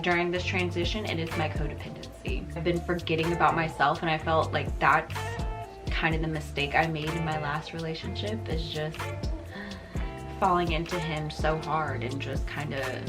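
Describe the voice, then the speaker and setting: A woman in her mid-twenties talks straight to camera in a frank, profane, confessional way. Her voice sits fairly low for a woman. A clear music beat runs underneath. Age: 20s. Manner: candid, profane, reflective. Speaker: vlogger. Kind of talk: confessional casual chat to camera. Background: background beat music.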